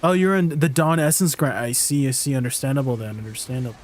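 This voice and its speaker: A man's voice: medium pitch, quick pace. A man streaming a game and chatting casually with his viewers, laughing easily as he answers their questions. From Canada. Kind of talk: casual gameplay stream chat.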